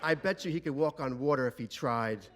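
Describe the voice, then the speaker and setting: A man voicing an older grandmother who scolds her son-in-law with a sharp tongue. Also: medium pitch, brisk, natural voice. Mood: mocking. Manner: scolding, cutting. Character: scornful old grandmother, sharp-tongued woman.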